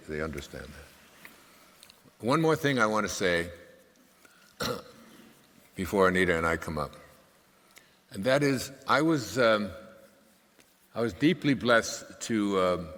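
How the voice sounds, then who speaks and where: An older man tells stories from a stage in a very deep, low voice. He rambles conversationally, full of fillers, with a dry sense of humor. The sound rings out with a long hall reverb. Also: sharp tone. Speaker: speaker at a live talk. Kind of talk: anecdotal storytelling talk. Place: stage at a live event.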